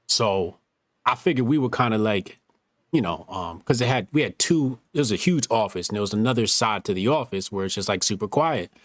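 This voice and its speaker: A man's voice: lowish voice, brisk, no room sound, studio quality. A man hosting a talk show, telling stories casually with lots of swearing, acting out quotes. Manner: profane, animated storytelling, acting out quotes. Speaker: podcast host. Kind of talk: casual storytelling chat.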